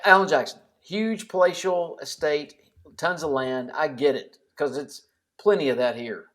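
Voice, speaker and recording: A man's voice: on the high side, moderate pace, a bit bright. A man in casual podcast chat as a guest, joking and rambling loosely.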